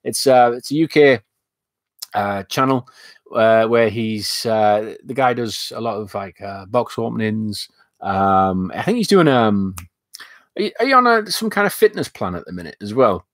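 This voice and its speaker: A man's voice: on the low side, lively intonation, moderate pace, no echo, clean studio sound. Chatty Northern English man on a live stream. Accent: Northern English, mixing northwest and northeast. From north of England. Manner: rambling and chatty, with frequent fillers and restarts. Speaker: live stream host reading chat. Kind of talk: casual live stream chat.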